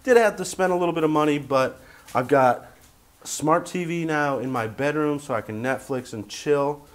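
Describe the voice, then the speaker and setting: A man's voice: on the high side, moderate pace. A man chatting casually to camera as a vlogger from his tiny house, rambling and jokey with lots of fillers.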